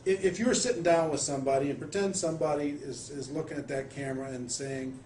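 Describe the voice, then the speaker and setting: A fairly high-voiced man hosts the interview in a coaching manner, building long questions for his guest. The room adds a noticeable echo, and faint background noise sits under his voice. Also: steady tone, quick pace, a little mellow. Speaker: interviewer, network marketer. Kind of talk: conversational interview.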